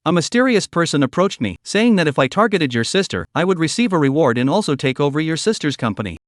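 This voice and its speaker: A man's voice: on the high side, sing-song, quick pace, no room sound, clean studio sound. A man voicing a cowardly young man who whines and pleads for his life in a narrated story. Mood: evasive. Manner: pleading, whining.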